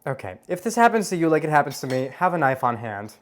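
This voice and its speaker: Fast and sing-song, this mid-range host runs a casual home cocktail tutorial over very noisy audio. They stay playful and talkative, tease themselves, and hum aloud to enjoy each taste.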